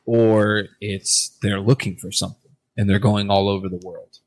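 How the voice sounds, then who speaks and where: A very low-voiced man co-hosting a laid-back podcast. He rambles, swears freely and often restarts his sentences mid-thought. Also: fairly even intonation, normal speed, no echo. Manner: rambling, profane, hesitant restarts. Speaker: podcast co-host. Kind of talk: casual podcast chat.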